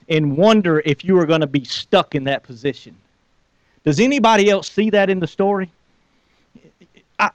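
A man preaching in a conversational style, putting questions to his listeners. His voice is slightly high and the recording is dry and close. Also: dry recording. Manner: conversational, questions the audience, restarts words. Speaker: pastor. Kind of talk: sermon.

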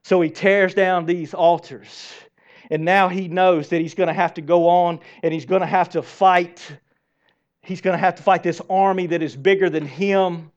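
A man preaching a sermon to a church congregation, lively and asking them direct questions. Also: high-pitched, moderate pace. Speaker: pastor. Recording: dull lo-fi sermon recording.

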